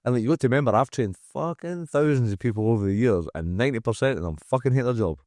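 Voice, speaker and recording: A man's voice: medium pitch, lively intonation, fast, darkish tone, no room sound. A man with a Scottish accent, a gym owner speaking as a podcast guest, frank and emphatic, swearing freely and acting out what people say. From Scotland. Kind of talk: candid podcast conversation. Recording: dry close-miked studio sound.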